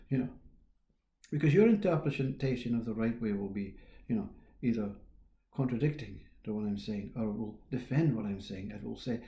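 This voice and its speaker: A man gives a slow, reflective spiritual talk with a very dark, mellow tone. His voice has a gravelly fry, and he muses aloud, trailing off and restarting. The sound carries a roomy echo. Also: medium pitch, lively intonation. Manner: unhurried, musing, trailing off and restarting, quiet chuckles. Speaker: spiritual teacher.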